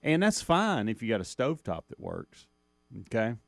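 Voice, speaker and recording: A man's voice: mid-range voice, wildly swooping pitch, moderate pace, gravelly, no room sound. A man co-hosting a morning radio show, launching into a weekend story. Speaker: radio co-host. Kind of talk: casual morning-show banter.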